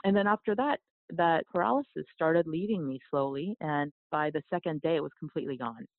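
Gravelly speaker over a tinny line. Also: medium pitch, brisk, no echo. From South Korea. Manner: earnest, reflective, with restarts. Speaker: podcast guest, yoga teacher. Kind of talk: storytelling in conversation.

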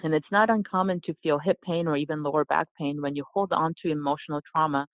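In a casual interview, a woman who teaches yoga and writes books lays out her ideas calmly and earnestly, speaking quickly at a middle pitch. Her voice arrives thin and tinny, as if over a phone, sounding close and dry.

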